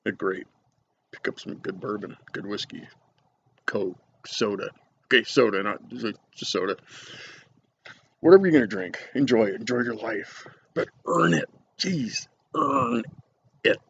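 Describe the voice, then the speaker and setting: A middle-aged cigar reviewer chats casually to camera, rambling, joking and poking fun at himself. His voice is lowish, his pace moderate with long pauses, and the home recording is dull and lo-fi with faint noise.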